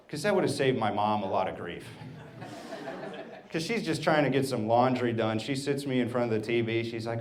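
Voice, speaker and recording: A man works a comedy club stage, spinning a family story and acting out the people in it. His voice sits at a mid pitch. He talks into a handheld stage mic. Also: a little fast. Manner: storytelling, animated quoting. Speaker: stand-up comedian. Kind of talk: stand-up comedy set.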